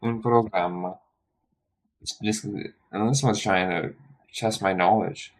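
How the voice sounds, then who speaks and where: A man's voice: fairly low pitch, steady tone, a little slow. A man thinking aloud during a study stream, muttering and correcting himself as he works through a quiz, tired and yawning.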